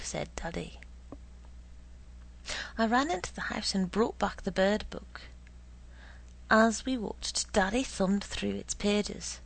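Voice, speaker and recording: A woman narrating a story in a slow, hushed way, often dropping to a whisper. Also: mid-range voice, gravelly, slightly rough, rough recording.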